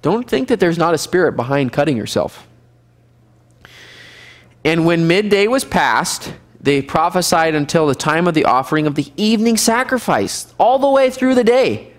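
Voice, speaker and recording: A man teaching a casual Bible survey class as pastor, lively and animated, acting out scenes now and then. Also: moderate pace. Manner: lively, animated, acts out scenes with sudden high shouts and laughs. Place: church fellowship room.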